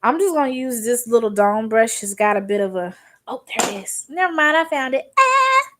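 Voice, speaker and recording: A woman's voice: on the high side, lively intonation, brisk, a little hiss or hum. A young woman from Arkansas doing her makeup on camera, talking in a rambling, conversational way and telling a story. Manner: rambling and conversational, Southern slang. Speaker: beauty vlogger. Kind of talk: chatty makeup tutorial storytelling.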